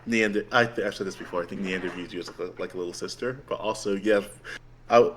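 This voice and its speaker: A man's voice: low voice, fast, slight background noise. A man chatting casually about a tabletop game as a player, rambling with lots of "like" and frequent laughs. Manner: rambling, heavy use of "like", laughs often. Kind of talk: casual post-game chat.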